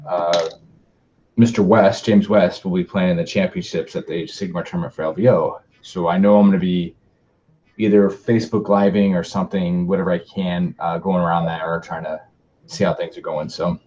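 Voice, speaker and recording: A man in casual chat, talking in a halting way with fillers and restarts. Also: low voice, steady tone, warm tone, slight background noise. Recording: dull lo-fi sound.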